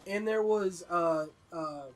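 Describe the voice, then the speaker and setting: A man hosting his own let's play in casual chat, expressive and profane. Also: sits high, takes it slowly.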